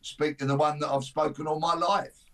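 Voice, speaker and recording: A man appearing as a studio guest on talk radio, speaking in a measured, dry and wry way. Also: on the high side, little pitch movement, a bit bright. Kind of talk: radio discussion.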